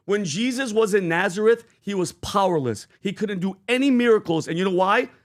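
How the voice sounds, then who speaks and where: Earnest high-voiced man telling a Bible story. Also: fairly quick. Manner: earnest, animated storytelling with acted quotes. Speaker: podcast co-host. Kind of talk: casual podcast talk, merch pitch and Bible story.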